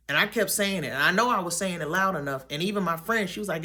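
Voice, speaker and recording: A young woman vlogger telling a story about a dream in a chatty, animated way, with many fillers and restarts. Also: lowish voice, fast talker, hardly any pauses. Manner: acts out her own and others' lines in quotes.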